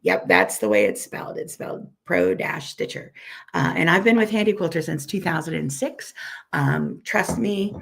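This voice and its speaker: A woman teaches software live, her deep voice weak and hoarse from a recent illness. Friendly and self-deprecating, she speaks in a sing-song way and repeats each step slowly.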